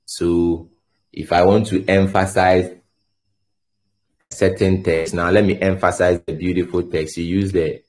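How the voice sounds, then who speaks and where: Slow, deep-voiced man teaching code. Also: level tone, darkish tone. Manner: halting, repeats words, thinks aloud while typing. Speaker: coding instructor. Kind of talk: screen-share tutorial explanation.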